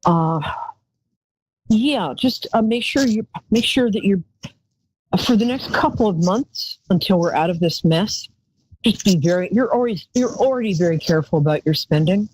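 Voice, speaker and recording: A woman's voice: medium pitch, expressive, normal speed, a little mellow, husky, low-quality recording. A woman hosting a live call-in psychic show, chatty and rambling, calling her callers darling.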